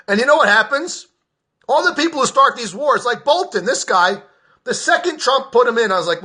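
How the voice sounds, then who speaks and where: An agitated American man tears into his subject in a high, bright voice. The tone is sharp and forceful, full of cursing and sarcasm. He is a veteran venting in a personal political rant. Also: expressive, a little fast. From United States. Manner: heated, profane, sarcastic.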